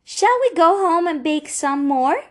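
A woman voicing Luna, a brave young girl bunny in a picture book, with bright, excited exclamations. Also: high-pitched, a little slow, voice pushed up. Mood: delighted.

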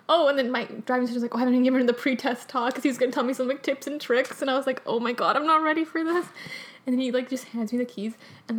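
A young woman telling a story in casual chat, animated and full of "like" and laughter. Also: on the high side.

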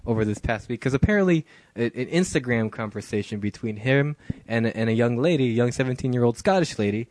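Podcast host, a man with a lively up and down voice, laughs a lot, dry sound. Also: medium pitch, fast talker, hardly any pauses, no room sound. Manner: laughs often, animated, rambling. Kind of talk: casual chat.

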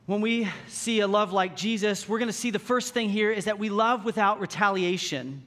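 A man's voice: sits high, moderate pace, a bit bright. A man preaching a sermon in a conversational way, reading scripture and asking the congregation rhetorical questions. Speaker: pastor.

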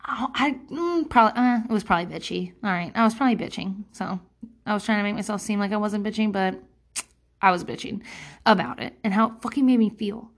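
A woman's voice: mid-range voice, fairly even intonation, quick pace. Rambling, candid, swearing woman. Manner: rambling, profane, frank, acts out quotes in voices. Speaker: parent sharing advice. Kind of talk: candid casual monologue.

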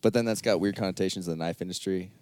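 A man with a lowish voice chats loosely as host, laughing easily and dropping casual swears. The sound is dry and close, with no room around it, and his stories wander. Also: very fast, darkish tone, no echo. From United States. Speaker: podcast host. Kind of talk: casual chat.

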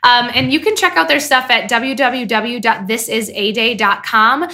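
A woman's voice: on the high side, normal speed, sharp tone. A young woman co-hosting a podcast, chatting casually and rambling with fillers, often laughing. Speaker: podcast co-host. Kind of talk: casual chat.

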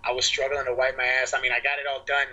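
A young man on a podcast telling a wild party story in casual chat, animated and laughing often, acting out quoted voices in a high pitch. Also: quick pace, lo-fi sound, slight background noise. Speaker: podcast co-host.

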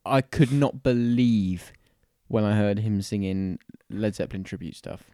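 A man's voice: on the low side, a little slow, warm tone, no echo, clean studio sound. A man in his twenties from the UK, co-hosting a podcast in casual chat, easygoing and self-deprecating. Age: 20s. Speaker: podcast co-host.

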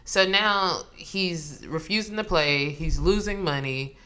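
Female co-host, casual banter, crisp bright tone, slightly low pitch, quick to laugh. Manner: laughs often, animated storytelling. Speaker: podcast co-host. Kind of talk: casual chat.

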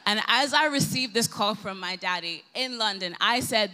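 A young Irish woman preaching at a live worship gathering, telling a personal story in an animated, humorous way and repeating phrases for emphasis. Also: mid-range voice, moderate pace, hardly any pauses. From Ireland. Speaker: guest speaker.

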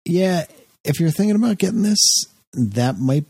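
A man's voice: on the high side, lively intonation, moderate pace, gravelly, mellow, breathy edge, no echo. A man hosting a gaming podcast, chatting casually and reading out news items with frequent laughs. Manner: upbeat, reads news items, laughs often. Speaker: podcast host. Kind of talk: casual chat.

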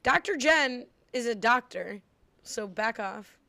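A young American woman co-hosting a casual podcast, chatting playfully as she recaps an episode. Her voice is bright and forward and sits a little high. It is recorded close and dry. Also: animated, slow pace, vocal fry, no echo. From United States. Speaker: podcast co-host. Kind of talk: casual chat.

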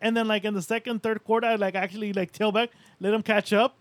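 A man with a high voice rambles through a story at speed, swearing freely and filling his sentences with "like." The sound is dry and close, with no room in it. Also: little pitch movement, fast, no room sound. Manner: rambling, profane, full of "like". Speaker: podcast co-host. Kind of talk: casual storytelling among friends.

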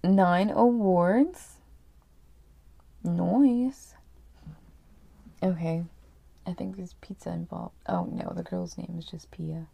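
Woman reading stories out, swears a lot, sarcastic, mellow gravelly voice, dry sound. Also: on the low side, slow pace, long pauses, dry recording. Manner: crude, sarcastic, laughing. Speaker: reader of story submissions. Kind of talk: casual reading and reacting.

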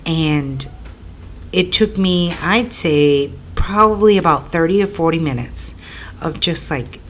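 Speaking slowly in a low-pitched voice, a woman tells a casual, rambling personal story, repeating herself and using fillers before building into emphatic, indignant stretches. A little hiss or hum runs under the recording.

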